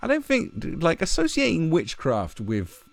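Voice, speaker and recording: A man's voice: on the high side, wildly swooping pitch, unhurried, gravelly, no room sound. A man vlogging his reactions to an article in a casual way, sarcastic, profane and prone to rambling.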